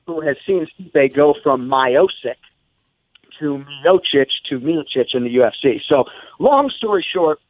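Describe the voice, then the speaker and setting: Phone-in guest announcer, man, measured delivery, dry phone-line sound. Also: fairly high pitch, expressive, no room sound. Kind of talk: casual chat by phone.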